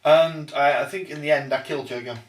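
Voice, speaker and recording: A man's voice: a little high, steady tone, fast talker, far from the mic. A man hosting a casual chat about tabletop games, often hesitating and restarting his sentences. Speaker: podcast host. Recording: roomy echo, off-mic, faint noise.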